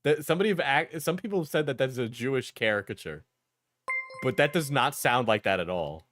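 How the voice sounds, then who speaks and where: A man's voice: mid-range voice, lively intonation, fairly quick, fairly bright tone, no room sound, studio quality, faint music behind. A man streaming a casual reaction video, joking, laughing and swearing as he comments.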